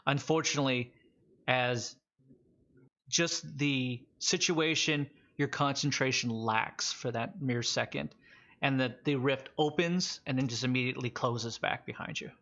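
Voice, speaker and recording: A man narrating as game master of a tabletop role-playing game, wandering through his descriptions with frequent restarts. His voice sits at an ordinary pitch. The recording is a bit muffled and lo-fi. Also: a little slow, pushed and bright. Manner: loose, rambling narration with many restarts.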